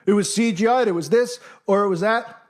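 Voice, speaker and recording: A man's voice: sits high, a little fast. A man delivering an argumentative monologue, combative and mocking, firing off rhetorical questions and mimicking his critics. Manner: acts out critics in mock voices. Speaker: commentator.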